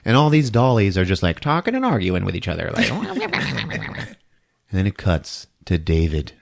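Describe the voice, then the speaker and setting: A man's voice: low voice, a little fast, vocal fry. A man hosting a podcast, casually retelling a movie plot with lots of laughter. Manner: animated, laughing, storytelling. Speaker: podcast host.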